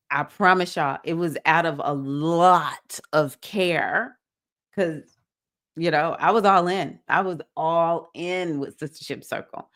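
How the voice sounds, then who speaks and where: A woman with a Southern accent hosting a livestreamed spiritual circle for women, talking in an earnest, preachy way with bursts of excitement. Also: fairly low pitch. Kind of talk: livestream talk to a women's group.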